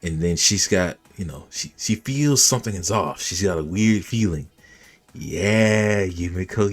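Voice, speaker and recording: A man casually recapping an anime episode, animated and reacting as he retells the scenes. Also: low-pitched, measured pace, soft background music. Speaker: anime reviewer.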